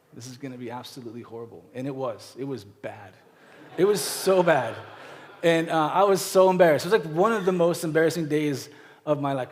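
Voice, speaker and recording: A man in his thirties preaching a conversational sermon, rambling through personal stories with many fillers and acted-out quotes. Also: fairly high pitch. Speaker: pastor. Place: church sanctuary. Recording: church hall reverb.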